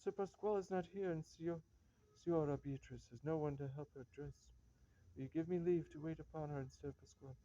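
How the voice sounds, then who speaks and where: A man's voice: on the high side, fairly quick, mellow, no room sound, lightly acted. A man playing a chatty, scheming male servant who pleads and wheedles, in a reading of a stage comedy. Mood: eager. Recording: dull lo-fi recording.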